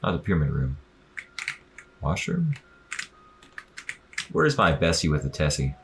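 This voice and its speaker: A man's voice: a bass voice, measured pace, vocal fry, background noise. A man streaming a video game, joking and swearing through casual commentary. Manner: joking, swearing, animated reactions. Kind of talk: casual let's-play commentary.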